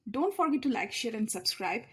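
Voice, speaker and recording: A woman with a high, lively voice. She talks in short phrases and repeats her main points. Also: a little fast, husky. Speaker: English teacher. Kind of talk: explanatory grammar lesson.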